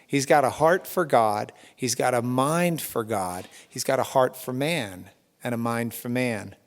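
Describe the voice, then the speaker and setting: A man introducing a guest speaker, telling an anecdote with excited enthusiasm. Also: mid-range voice, measured pace. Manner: excited, animated storyteller. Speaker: event host introducing speaker. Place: large lecture hall. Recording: long hall reverb.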